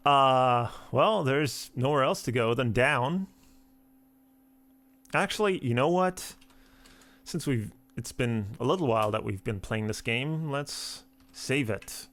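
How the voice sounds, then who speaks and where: A man's voice: mid-range voice, expressive, slow, pauses often, fairly bright tone. A man hosting a let's play of a text game, reading the game text aloud and adding wry asides.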